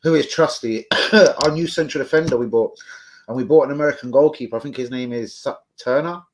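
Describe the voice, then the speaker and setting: A man's voice: mid-range voice, a little fast, slight background noise. A man hosting a fan live stream, chatting casually, swearing freely and answering viewers off the cuff. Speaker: fan channel host.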